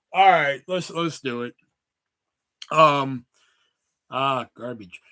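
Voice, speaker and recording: A man's voice: a little high, pushed and bright. A man hosting a casual movie chat, rambling with lots of swearing and fillers. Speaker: host.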